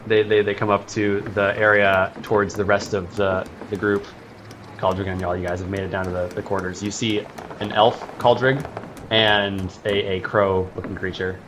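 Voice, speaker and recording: A man with a lowish voice runs the tabletop game, describing each scene in a loose, halting way. Faint noise sits under his voice. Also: level tone. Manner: loose, halting narration with restarts. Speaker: game master.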